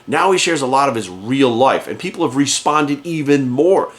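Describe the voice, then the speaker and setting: A man's voice: mid-range voice, expressive, moderate pace. A man working as a fitness coach, ranting to camera in his office with heated, profane emphasis. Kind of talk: casual rant to camera. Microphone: camera in front of him.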